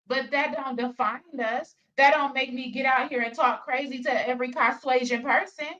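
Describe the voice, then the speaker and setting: A woman's voice: high-pitched, fairly even intonation, moderate pace, pushed and bright. Blunt profane woman, distant lo-fi mic. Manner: blunt, profane, repetitive emphasis. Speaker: reaction channel host. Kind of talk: reaction commentary rant.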